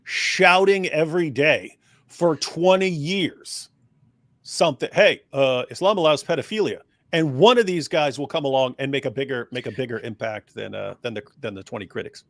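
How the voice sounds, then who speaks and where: A man talks on a livestream with a dry, close sound and no room echo. He hesitates and restarts often, then shifts into mocking mimicry of his opponents. His voice sits at an average pitch. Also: moderate pace, a bit bright. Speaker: livestream co-host. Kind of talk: livestream discussion.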